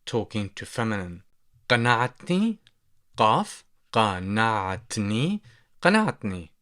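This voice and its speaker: A man's voice: on the low side, a bit bright. Levantine-accented man teaching phrases. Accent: Levantine Arabic. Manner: slow, repeating phrases for practice. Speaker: language teacher. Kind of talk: explaining Arabic phrases.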